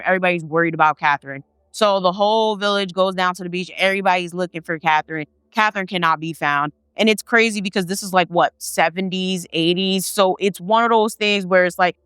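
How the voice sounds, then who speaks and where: A woman telling a family story in casual talk, swearing and acting out her relatives' lines with animated energy. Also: mid-range voice, clean tone, no echo, clean studio sound. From Haitian family.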